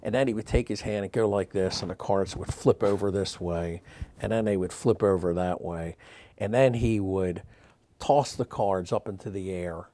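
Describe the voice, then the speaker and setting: A man in his sixties, a magic historian, telling stories in an interview, animated and rambling with many fillers and restarts. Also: low-pitched, moderate pace. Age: 60s. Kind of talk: interview storytelling.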